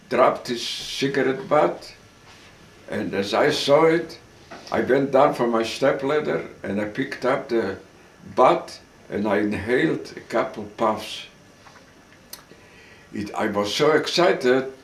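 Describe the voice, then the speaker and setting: An older man recounting his testimony at a slow, unhurried pace, stumbling and repeating words as he goes. His middle-pitched voice sits back from the microphone in a roomy, echoing space. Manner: halting, repeats and restarts words. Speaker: witness giving testimony. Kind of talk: recorded oral testimony. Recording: roomy recording from a distance.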